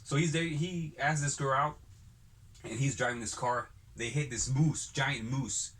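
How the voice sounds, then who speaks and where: A man's voice: mid-range voice, steady tone, measured pace, fairly bright tone. A man hosting a casual podcast chat, telling long rambling stories full of cursing. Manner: rambling profane storyteller.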